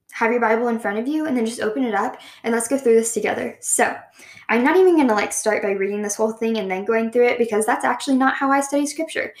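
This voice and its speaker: A woman leading a casual devotional Bible study, chatty and full of "like" fillers, reading the verses slowly. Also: fairly high pitch. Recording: echoey room.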